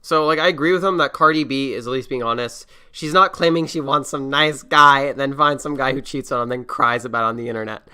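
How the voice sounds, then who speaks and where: Man, podcast host, casual chat, rambling, profane, bright tone. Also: mid-range voice, fast, few pauses, clear, resonant tone. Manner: rambling, swears freely, laughs often.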